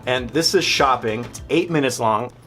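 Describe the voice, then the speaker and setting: A man's voice: medium pitch, normal speed, fairly bright tone, faint music behind. A young man casually commenting on his old student film in a rambling, self-mocking way. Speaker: filmmaker reacting to his old films.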